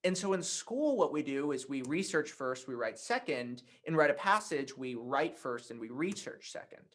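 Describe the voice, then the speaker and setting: A man teaching a writing workshop, telling a personal anecdote in a conversational, animated way. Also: fairly high pitch, normal speed. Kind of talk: workshop talk with storytelling.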